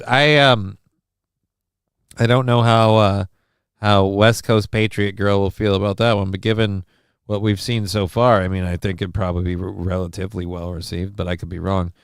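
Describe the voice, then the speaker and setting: A man hosting a live stream, reading viewer messages aloud in a rambling, deadpan way with lots of fillers. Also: deep voice, normal speed, gravelly, smooth, no room sound, studio quality. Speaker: live-stream show host.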